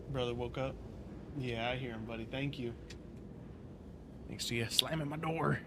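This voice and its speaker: A man's voice: mid-range voice, normal speed, long pauses. A man streaming a game who chats casually with his viewers. He swears and laughs often, and his talk is full of filler words. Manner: laid-back, profane, laughs often, filler-heavy. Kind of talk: casual live-stream chat. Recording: noisy game audio underneath.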